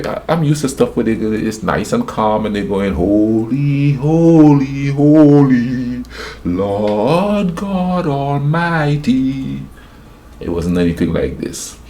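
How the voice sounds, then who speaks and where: A man tells a personal story in a casual, animated way, acting out other people's voices and laughing often. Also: on the low side, creaky.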